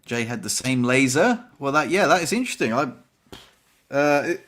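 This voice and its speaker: A young man chats on his podcast in a loose, rambling way, poking fun at himself as he goes. His pitch sits in an ordinary middle range for a man. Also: very animated, moderate pace, fairly bright tone. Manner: chatty, rambling, self-deprecating. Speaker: podcast host. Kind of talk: casual chat.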